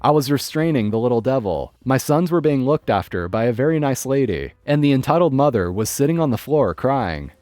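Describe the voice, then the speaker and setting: A man narrating online stories in a scripted, expressive way. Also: mid-range voice, a little fast, hardly any pauses, dry recording, soft background music. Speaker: story narrator.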